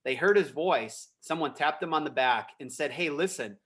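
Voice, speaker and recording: A man appearing as a guest on a podcast, a real estate investor telling stories about his business in a relaxed, animated way. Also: fairly high pitch, moderate pace. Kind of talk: casual interview chat.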